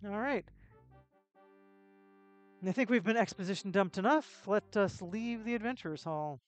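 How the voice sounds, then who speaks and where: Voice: mid-range voice, normal speed, faint music behind. A game streamer in casual let's-play commentary, chatty and joking, reading game text aloud with asides.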